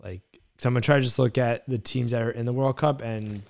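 A man's voice: medium pitch, fairly even intonation, quick pace, vocal fry, darkish tone. A man co-hosting a casual sports podcast, thinking aloud and searching for words as he talks. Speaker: podcast co-host. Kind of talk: casual chat.

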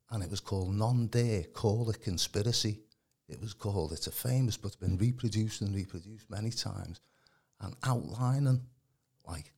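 A man's voice: on the low side, darkish tone. A man, giving a rambling casual testimony as a podcast guest, full of colloquial fillers. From Birkenhead, England. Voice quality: gravelly, very husky.

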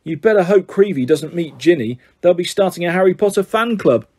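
A man's voice: high-pitched, expressive, brisk, darkish tone, husky. A man doing a teasing schoolboy friend.

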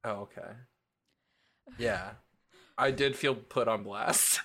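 A man's voice: mid-range voice, big pitch swings, slow pace, gravelly, fairly bright tone, a little hiss or hum. A man co-hosting a podcast, trading wry, teasing banter in casual chat. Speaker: podcast co-host.

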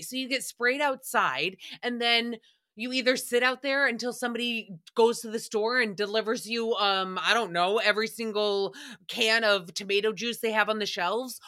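A woman's voice: high-pitched, pushed and bright. A young woman hosting a podcast recap, rambling casually through stories and often breaking into giggles. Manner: giggly, rambling storyteller who breaks into laughter. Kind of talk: casual chat.

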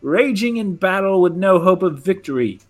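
A man at a tabletop game reading epic verse aloud in a solemn, slow way. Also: sits high, expressive, soft background music.

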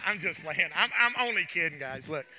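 A man's voice: on the high side, expressive, brisk, noisy background. A man preaching a sermon in a church, emphatic and fiery, with joking asides. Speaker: pastor. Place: church sanctuary. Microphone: handheld mic with trouble.

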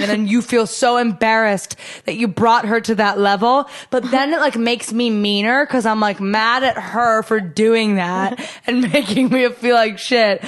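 Animated young woman telling stories. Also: fairly high pitch. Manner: animated storyteller, swears, acts out quotes. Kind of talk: casual chat.

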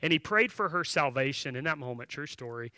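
With no room sound, a fairly high-pitched, animated male voice, bright, forceful and fairly quick, delivers a sermon. The pastor tells a story in a conversational way, using fillers and restarts, before turning to direct, emphatic appeals to his congregation.

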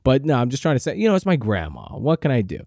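A man hosting a podcast, telling a comic story in a profane, rambling monologue with deadpan exaggeration. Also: mid-range voice, fast talker, no room sound, studio quality. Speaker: podcast host.

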